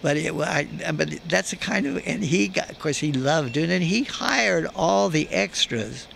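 A man's voice: fairly high pitch, lively intonation, normal speed, creaky, fairly bright tone, a little hiss or hum. An older man, a guest actor, telling chuckling anecdotes in an interview at a convention. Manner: chuckling storyteller. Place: convention floor.

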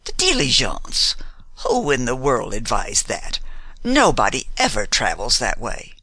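A condescending, nosy older lady of high society, read by a man in an audiobook. The voice is bright and the pitch moves a lot, heard dry and close. She stays affable on the surface while she interrogates. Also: huge pitch swings, a little slow, husky, no room sound, heavily acted, low-quality recording. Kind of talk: audiobook character reading.

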